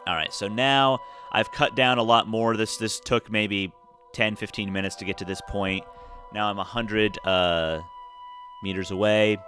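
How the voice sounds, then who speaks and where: Tired guy with a lowish voice doing laid-back game commentary, lots of uhs, faint music behind. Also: unhurried. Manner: relaxed, rambling, with many fillers and restarts. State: tired, yawning. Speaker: gameplay commentator. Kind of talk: casual let's-play commentary.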